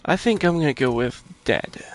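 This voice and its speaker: A man playing a video game and commenting, swearing at enemies, talking to his chat and bursting into loud shouts. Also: fairly high pitch, expressive, normal speed, over music. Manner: profane, trash-talks enemies, addresses chat. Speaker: gamer commenting on his own play. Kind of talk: let's-play commentary.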